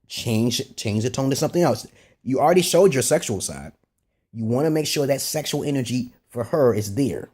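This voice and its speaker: A man giving blunt, profane dating advice in a casual vlog monologue, brash and animated. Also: a little fast, husky. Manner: swings from loud and high to low and muttered. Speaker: self-styled dating advisor.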